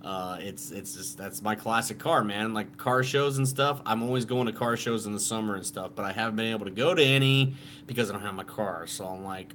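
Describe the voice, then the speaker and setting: A man's voice: fairly low pitch, fairly quick, a bit bright, a little hiss or hum. A man co-hosting a live stream in casual chat, laid-back and swearing freely.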